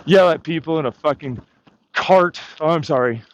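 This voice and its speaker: A man's voice: a little high, normal speed, highs cut off. A man vlogging outdoors on a hike, ranting in a sarcastic, profane, mocking way as if heckling an imagined crowd. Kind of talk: rambling outdoor vlog monologue.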